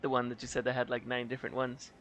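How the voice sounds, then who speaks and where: A man's voice: mid-range voice, level tone, quick pace, a bit bright. A man doing casual live commentary on a virtual race, joking around and laughing often. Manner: laughs often, playful, puts on accents as jokes.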